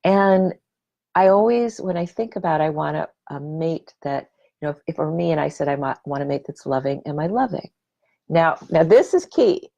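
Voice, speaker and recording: A woman's voice: low-pitched, expressive, normal speed, vocal fry, mellow. A middle-aged woman hosting a reflective personal talk, earnest and emphatic, often repeating her key words for weight. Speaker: podcast host. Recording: dull lo-fi recording.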